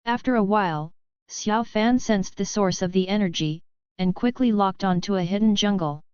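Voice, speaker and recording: A woman narrating an audiobook novel in an even, steady storytelling manner. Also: medium pitch, clean tone, dry recording. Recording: slightly dull lo-fi recording.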